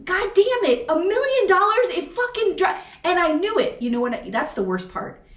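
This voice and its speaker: Woman, very high voice, angry profane rant, podcast co-host, echoey room. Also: big pitch swings, moderate pace, a bit bright. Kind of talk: heated political chat.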